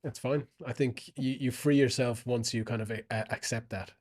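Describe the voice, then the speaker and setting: A man hosting a podcast, speaking in a relaxed, thoughtful way and trailing off mid-sentence. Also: medium pitch, moderate pace. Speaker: podcast host. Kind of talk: casual conversation.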